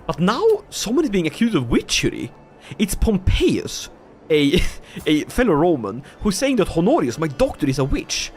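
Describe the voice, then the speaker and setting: This Swede's voice is on the high side and moves at normal speed, with faint music in the background, as he streams a strategy game. He keeps up casual, animated commentary, joking, laughing often, and talking to chat.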